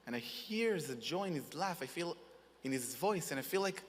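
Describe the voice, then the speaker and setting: A young man giving a halting, earnest personal testimony in as a wounded soldier receiving an award. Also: a little high, animated. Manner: halting, earnest, in non-native English. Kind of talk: emotional personal testimony speech. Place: large conference hall. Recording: reverberant conference hall.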